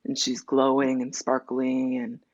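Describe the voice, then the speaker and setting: A woman's voice: rumbling low, monotone, a little mellow, dull audio. A woman being interviewed, telling her personal story candidly and acting out the dialogue as she goes. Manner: candid, tells her story in quick runs with acted-out dialogue. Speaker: interview guest.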